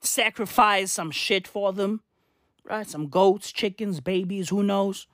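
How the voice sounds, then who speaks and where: A woman's voice: medium pitch, slow pace, no echo, studio quality. A woman doing a profane comedic rant, swearing freely and peppering lines with slang tags. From South Africa. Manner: swearing, ranting, keeps tossing in "right?" and "bruv".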